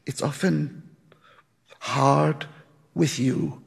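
A hoarse, hushed woman on the phone, as voiced by a male narrator, sounding forced and accusing. Her low, husky voice carries a long reverb. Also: steady tone, extremely slow, full character voice.

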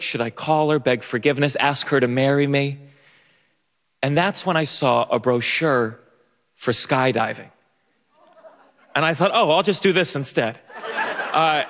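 Animated young man telling a story on stage. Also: fairly high pitch. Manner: animated, self-mocking, bursts into shouts. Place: theater stage. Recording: long hall reverb.

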